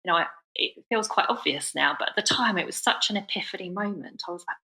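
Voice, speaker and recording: A woman's voice: medium pitch, lively intonation, fast talker, creaky, pushed and bright, roomy sound, low-quality recording. A woman hosting a parenting podcast, talking reflectively in casual conversation, with many fillers. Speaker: podcast host.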